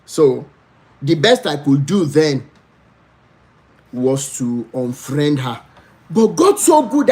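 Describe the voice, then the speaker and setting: Nigerian male host, spoken storytelling with emphatic pleading and lively pitch jumps. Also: slow, pauses often. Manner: pleading, animated storytelling with dramatic pitch swings. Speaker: livestream host. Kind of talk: storytelling to live viewers.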